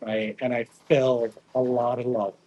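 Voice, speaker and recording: A man's voice: medium pitch, measured pace, lo-fi sound. A young man from the Naples area, a pizza chef guest, telling a story in a casual interview, acting out quotes and tagging lines with "right?". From Naples area, Italy. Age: young adult. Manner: animated, acts out quotes, frequent "right?" tags.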